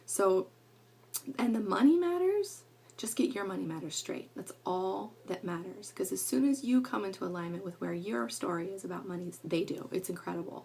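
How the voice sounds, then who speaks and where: A woman's voice: mid-range voice, animated, normal speed, gravelly, a little mellow, a little hiss or hum. A middle-aged woman talking casually to camera at home, rambling and earnest with lots of fillers. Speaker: parenting vlogger.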